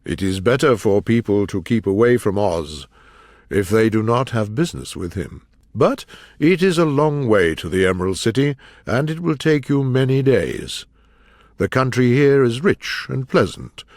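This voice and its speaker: A man's voice: on the low side, animated, a little slow, darkish tone, no echo, studio quality. A man doing a grave, cautious villager. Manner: grave and warning. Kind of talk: storybook character voice.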